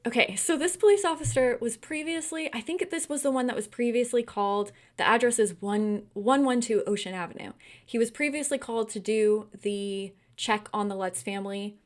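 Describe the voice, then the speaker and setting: Young woman from california ranting about a book on a livestream, laughs a lot, kinda high voice. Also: normal speed. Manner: animated, laughs often, gets heated and incredulous. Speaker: book club host. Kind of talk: casual livestream book discussion.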